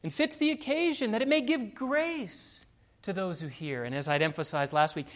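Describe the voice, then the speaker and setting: A middle-aged male pastor with a high-pitched voice delivers a sermon. He talks with emphasis, rising loud on key words and dropping soft for asides, and he addresses his congregation directly. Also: big pitch swings, normal speed. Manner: emphatic preaching, wide swings from loud to soft.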